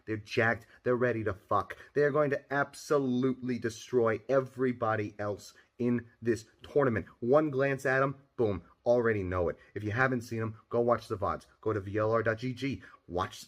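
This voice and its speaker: A brash, foul-mouthed male fanatic with a New Jersey accent, put on by a man in a recorded video. He rants with a swaggering trash-talker's bluster, in a voice of middling pitch. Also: lightly acted. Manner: swaggering trash-talking rant.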